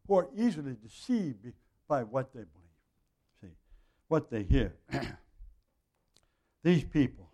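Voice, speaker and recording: A middle-aged man teaching a Bible passage verse by verse in a conversational way, with frequent throat clearing and asides. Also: mid-range voice, dark tone.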